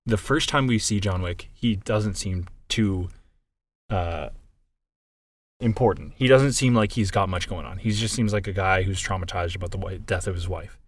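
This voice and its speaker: Low-voiced man in animated casual chat. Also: normal speed, slightly rough. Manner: animated, swears freely, acts out movie scenes. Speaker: podcast co-host.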